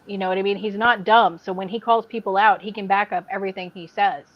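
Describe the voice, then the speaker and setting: A woman hosting a casual podcast chat, telling animated stories and laughing along. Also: medium pitch, fast, muffled recording. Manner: animated storyteller, mimics people she describes. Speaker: podcast host.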